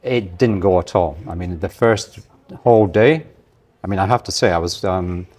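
A low-pitched man in his sixties with a soft Scottish accent that travel has worn thin. He guests on a podcast, telling a long anecdote at an easy pace and slipping into the voices of people he met. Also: moderate pace. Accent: light Scottish, softened by travel. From Scotland. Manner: relaxed anecdotal storyteller, acts out the voices of others. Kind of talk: long-form storytelling interview.

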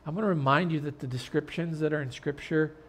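A man pastor preaching an earnest sermon in a church, turning loud and dramatic when telling a story. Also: on the high side, quick pace. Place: church sanctuary.

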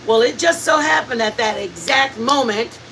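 A woman hosts a cooking stream, chatting to her viewers and laughing her way through family stories. Her voice sits a little high. She sounds set back from the mic, with a faint noise floor behind her. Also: moderate pace, vocal fry, recorded from a distance, rough recording. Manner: chatty, laughing, animated storyteller. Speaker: cooking channel host. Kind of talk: casual storytelling while cooking on a live stream.

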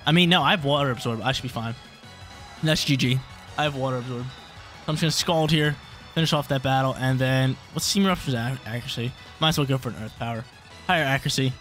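A young man talks through his online battle as it plays out, thinking aloud and repeating himself when things get tense. His voice sits at an ordinary male pitch. Faint music plays under his talk. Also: fast talker, a bit bright. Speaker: gaming YouTuber. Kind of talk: live gameplay commentary.

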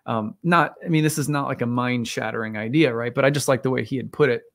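A man's voice: mid-range voice, fast, vocal fry. A man giving a casual, rambling solo talk as an astrologer, thinking aloud with many fillers and restarts. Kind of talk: casual monologue.

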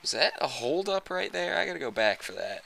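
A man's voice: a little high, sing-song, fairly quick, creaky. A young man giving joking let's-play commentary, muttering one moment and yelping the next. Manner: jokey, swings from muttering to yelping shouts. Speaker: gaming commentator.

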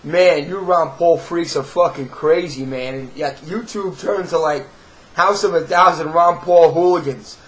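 High-voiced New York guy, swearing and sarcastic, rambling vlog rant. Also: unhurried, poor audio. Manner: profane, sarcastic, rambling with repeated restarts. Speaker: video blogger. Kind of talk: ranting to camera.

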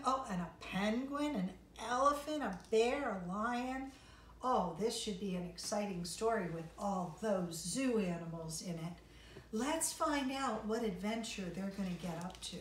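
A woman's voice: mid-range voice, animated, slow pace. A woman music teacher giving an online lesson to young children, encouraging and sing-song as she reads a story. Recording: roomy, distant mic, faint noise.

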